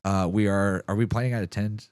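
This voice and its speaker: Low-voiced man, dry close mic. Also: steady tone, a little fast, a little mellow, clear, resonant tone, dry recording. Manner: joking, laid-back, swears casually. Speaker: podcast host. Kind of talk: casual chat.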